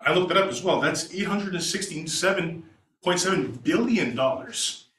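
A man's voice: high voice, lively intonation, moderate pace, a bit bright, far from the mic. Earnest man testifying from afar. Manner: earnest, increasingly emotional and urgent. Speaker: law student testifying. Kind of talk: public testimony. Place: hearing room. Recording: roomy hall audio from afar, faint noise.

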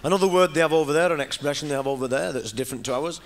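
A man's voice: fairly high pitch, rapid-fire. A man with a Northern English accent doing a rambling, chatty live stand-up monologue in front of an audience. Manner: rambling, chatty storytelling with asides. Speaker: comedian.

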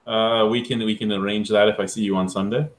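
A man in casual chat, telling animated stories about his workplace. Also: lowish voice, fairly quick.

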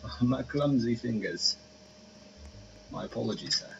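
A man voicing an overly polite English gentleman in a game, in a put-on British accent, formal and courteous, on dull lo-fi audio with hiss. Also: mid-range voice, measured pace, creaky. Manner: formal, courteous, says sir.

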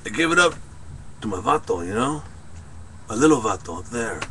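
A man's voice: on the low side, big pitch swings, normal speed, vocal fry, fairly bright tone, slight background noise, voice pushed down, full character voice. A young man playing a tough but sentimental male ex-convict, ending lines with a drawled "eh?". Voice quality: drawls tag "eh?" after lines. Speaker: comedy performer. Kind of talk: improvised comedy skit.

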